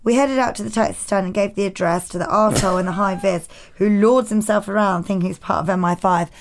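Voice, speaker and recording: A woman's voice: mid-range voice, steady tone, fast talker. Woman, podcast co-host, blunt, sweary, casual chat. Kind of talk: casual chat, reading listener rants.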